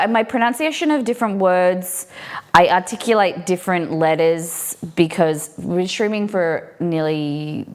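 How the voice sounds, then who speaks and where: An Australian woman streaming while she cooks, chatting casually and answering viewers' comments as she goes. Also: lowish voice. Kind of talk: live-stream cooking chat.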